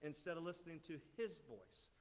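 A middle-aged man delivers a sermon in a relaxed, joking manner, his voice a touch higher than most men's. He keeps asking the congregation rhetorical questions. His words trail off into the long reverb of a church sanctuary. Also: fairly quick. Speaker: guest speaker.

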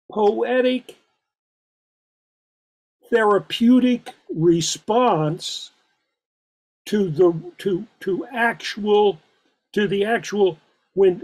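A man's voice: sits high, darkish tone, rough recording. A man taking part in a poetry discussion, speaking hesitantly and stammering through restarts. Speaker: discussion participant. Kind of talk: casual group discussion.

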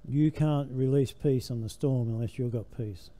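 Older man preaching, dark mellow voice. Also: mid-range voice, moderate pace. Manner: emphatic, voice rising and falling with the message. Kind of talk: sermon. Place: church.

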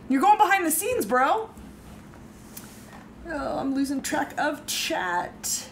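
A woman's voice: high-pitched, fairly bright tone, slight background noise. A woman from the United States co-hosting a baking livestream, chatting casually, laughing often and reading the live chat aloud.

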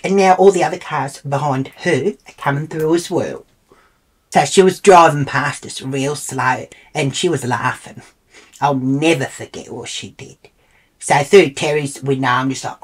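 A woman's voice: low voice, measured pace, breathy edge. A middle-aged woman with an Australian accent telling a comic story in a brash, foul-mouthed, indignant way. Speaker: comedic storyteller. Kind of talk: comic monologue.

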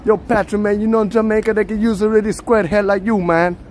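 A boastful, playfully threatening Jamaican street tough, as a man puts him on while walking a city street. The voice sits a bit high, and faint traffic noise runs behind it. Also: little pitch movement, moderate pace, close to an everyday voice.

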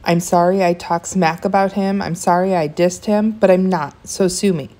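A woman reading aloud, voicing an angry, defiant schoolboy who shouts his lines in a raised, higher voice. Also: level tone, brisk. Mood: upset, yelling.

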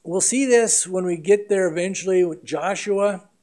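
A middle-aged man preaching a sermon as pastor, earnest and emphatic, with big swings between loud and quiet. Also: high voice, normal speed.

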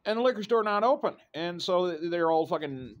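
A man's voice: high-pitched, animated, fairly quick, lo-fi sound. Profane rambling middle-aged man. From Idaho, USA. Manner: profane, rambling, full of fillers like "right?" and "you know". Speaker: vlogger telling a personal story. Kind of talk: casual rambling storytelling.

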